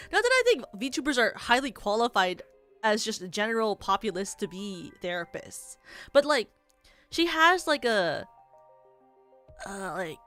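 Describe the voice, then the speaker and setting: A woman's voice: a little high, bright, forceful tone. Chatty, theatrical young woman streamer. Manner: rambling, chatty, many filler likes; self-described yappy, theatrical. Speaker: VTuber streamer. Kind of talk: casual stream chat.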